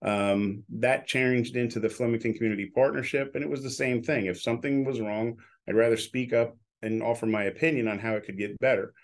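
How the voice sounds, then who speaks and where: A man's voice: medium pitch, steady tone, a little fast, hardly any pauses. A man in his sixties, an announcer and business owner, telling stories in a casual interview and acting out the people he quotes. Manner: outspoken, acts out quoted dialogue.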